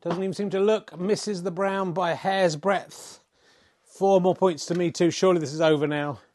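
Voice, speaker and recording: A man's voice: sits high, steady tone, normal speed, a little mellow. A middle-aged man giving wry, self-mocking mock sports commentary, swearing in mock exasperation at the play. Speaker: comedy snooker commentator.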